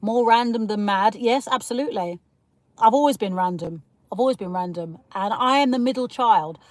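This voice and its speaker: A woman's voice: medium pitch, moderate pace, darkish tone, dry recording. Chatty woman ranting on a livestream. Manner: rambling, opinionated, laughs often, greets viewers. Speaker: livestream host reading chat comments. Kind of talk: casual livestream chat.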